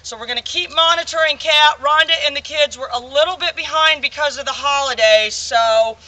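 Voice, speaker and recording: A man's voice: very high voice, fairly quick, sharp tone. A man working as a dog trainer, casually explaining a training drill straight to viewers and repeating his reminders, recorded outdoors. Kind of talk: casual training instruction to camera. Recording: voice somewhat far from the mic.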